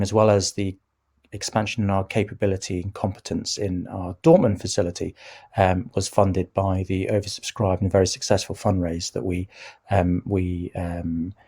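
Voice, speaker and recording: Hesitant, croaky-voiced man presenting to investors. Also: low-pitched, a little mellow. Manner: halting, many ums and restarts. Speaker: company chief executive presenting results.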